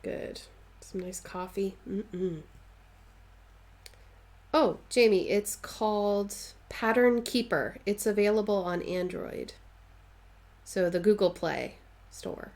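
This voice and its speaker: A woman's voice: medium pitch, slow, pauses often, darkish tone. A woman chatting casually on a live stream while she stitches, answering viewers' comments and playfully dramatizing her stories.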